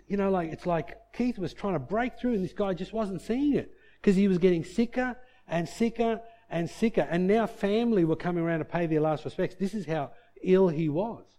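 A man preaching a sermon, telling a healing story, dropping to soft low passages and rising to loud shouted peaks.

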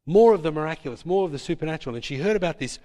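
A man's voice: on the high side, lively intonation, very fast, dark tone. A man preaching a sermon as pastor, emphatic and repeating his points with tag questions. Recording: long hall reverb.

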